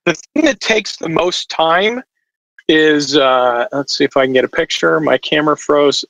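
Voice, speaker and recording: A man's voice: a little high, moderate pace, vocal fry, a bit bright, no echo, low-quality recording. A man talking as a podcast guest over a video call, explaining at length with lots of fillers. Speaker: watch distributor guest. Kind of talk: casual podcast chat.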